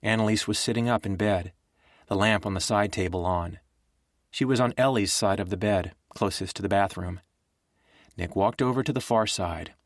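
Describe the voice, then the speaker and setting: Man reading an audiobook, lowish voice, steady, super dry close sound. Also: moderate pace, no room sound. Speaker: audiobook narrator. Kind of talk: scripted narration.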